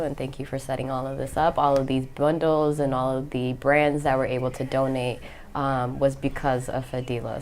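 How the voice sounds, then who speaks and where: A woman's voice: extremely low pitch, a little mellow. A woman co-hosting a livestream charity auction, chatty and upbeat with frequent "um"s. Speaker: fundraiser co-host.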